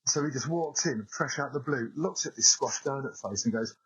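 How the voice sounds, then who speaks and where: Male caller, husky and profane, a barrack-room storyteller on a muffled, lo-fi voice note. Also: medium pitch, moderate pace, a bit bright. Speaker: listener sending a voice note. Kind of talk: casual anecdote. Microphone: phone voice note.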